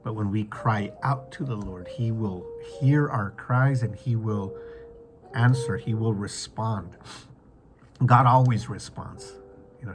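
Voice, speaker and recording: A man giving a devotional talk as a preacher, halting and reflective, with many restarts. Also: lowish voice. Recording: clear background music.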